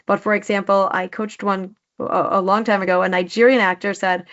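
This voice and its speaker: A woman's voice: medium pitch, little pitch movement, fairly quick, few pauses, fairly bright tone, muffled recording. A woman speech coach talking enthusiastically in a casual interview, often restarting her sentences. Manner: enthusiastic, many restarts and fillers. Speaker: speech coach, podcast guest.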